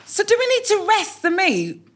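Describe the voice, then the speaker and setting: A woman's voice: very high voice, wildly swooping pitch, normal speed, slight background noise. A woman guest chatting over a meal, enthusiastic and giggly. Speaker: guest TV presenter. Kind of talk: casual chat over a meal.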